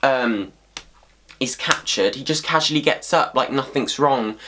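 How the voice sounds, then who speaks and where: A man's voice: medium pitch, a little slow, noisy background. Swearing man ranting to camera. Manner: swears freely, animated, exasperated. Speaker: vlogger. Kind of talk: casual ranting monologue.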